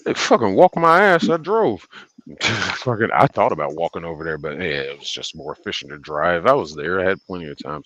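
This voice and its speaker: A man's voice: low-pitched, fairly bright tone, no room sound, lo-fi sound. A man hosting a livestream, telling a casual, profane, rambling story and laughing often. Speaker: livestream host.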